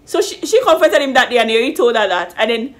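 A woman chatting casually in a lively, animated way as she reviews a reality show. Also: on the high side, quick pace. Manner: lively, animated retelling with slang. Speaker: YouTube reviewer.

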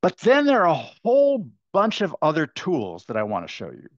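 A man giving an animated, chatty webinar lecture, full of fillers and restarts, as a workshop presenter. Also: fairly high pitch, normal speed, no echo. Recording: dull lo-fi webinar audio.

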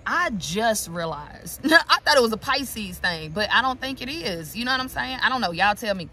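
A woman talks her viewers through a tarot reading in a loose, chatty manner, swearing freely and wandering off into asides. She is recorded outdoors, with passing vehicles clearly heard behind her voice. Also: a little high, animated, moderate pace, bright, forceful tone, slight background noise. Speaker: tarot reader. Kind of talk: casual tarot reading vlog.

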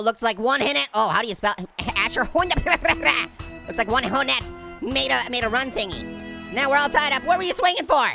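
A man voicing a hyper, giggly male talking orange who cracks puns and taunts while commenting on gameplay. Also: full character voice. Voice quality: gravelly, high cartoon voice. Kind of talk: comedic let's-play commentary. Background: game music.

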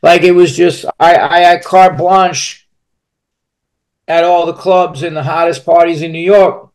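A man's voice: on the high side, fairly even intonation, a little slow. A man speaking as a podcast guest, telling a personal story candidly and bluntly, swearing freely and restarting his sentences as he rambles on.

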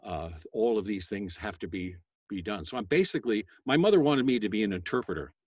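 A voice actor talking casually to a school class, chatty and self-deprecating, with many fillers and bursts of a loud sales voice. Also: male voice, on the low side, expressive, brisk, husky, no echo. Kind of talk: casual interview talk.

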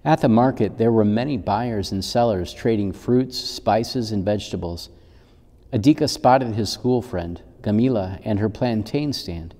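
Male pastor, children's sermon storyteller, low mellow voice, reverberant church hall. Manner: gentle, unhurried storytelling.

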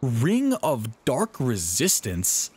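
A young man streaming a video game live, talking excitedly to the characters on screen. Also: medium pitch, extremely slow, husky. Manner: excitable, talks to the game's characters. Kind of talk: live gameplay commentary.

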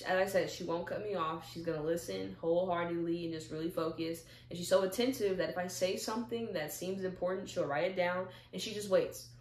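Young woman vlogger, lowish voice, animated storyteller, echoey room. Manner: animated storyteller, acts out little dialogues. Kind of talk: casual talk to camera. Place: at home, seated in a chair.

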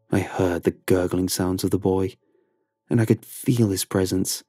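A man narrating a horror story in a slow, low, brooding way. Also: dark tone, husky, no echo, clean studio sound. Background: faint music.

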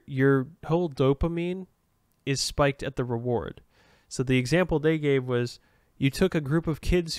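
Man, solo podcast host, rambling, smooth clear voice, dry close sound. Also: mid-range voice, no echo. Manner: rambling, self-aware, many restarts and fillers.

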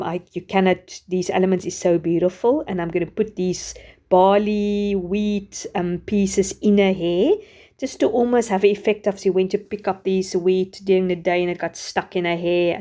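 A woman's voice: mid-range voice, mellow. A woman casually showing and using Bible journaling craft supplies, gushing over each item. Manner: gushing, admiring every item.

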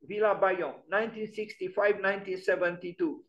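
A man's voice: high-pitched, fairly even intonation, a little fast, fairly bright tone, highs cut off. A man giving an online lecture on architecture, musing and emphatic, often restarting his sentences. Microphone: video call.

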